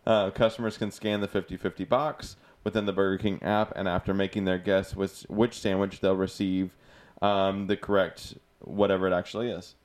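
A man co-hosting a podcast in casual chat, laughing easily and reading news items aloud with halting restarts. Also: low voice, little pitch movement. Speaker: podcast co-host.

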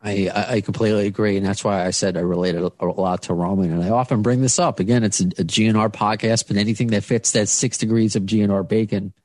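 A man's voice: on the low side, steady tone, fast, hardly any pauses, a little mellow, dry recording. A man hosting a podcast interview, talking casually and rambling with many restarts and fillers. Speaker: podcast host.

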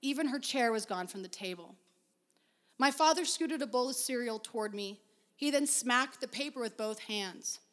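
High-voiced woman reading a story aloud. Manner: measured, expressive storytelling. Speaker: reader.

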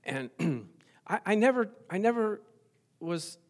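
Animated older male pastor preaching. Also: high-pitched, slow. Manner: animated storyteller, rising to exclamations. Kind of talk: sermon.

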